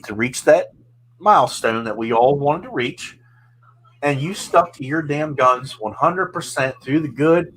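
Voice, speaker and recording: A man's voice: medium pitch, a bit bright, slightly rough, poor audio. A man hosting a casual podcast chat, talking in an earnest, rambling way and often repeating himself. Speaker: podcast host.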